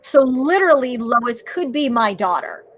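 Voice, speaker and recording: A woman's voice: fairly high pitch, very animated, normal speed, a little hiss or hum. A middle-aged woman streamer chatting casually, bubbly and laughing often as she greets her viewers. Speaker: streamer and guest. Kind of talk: casual chat while streaming.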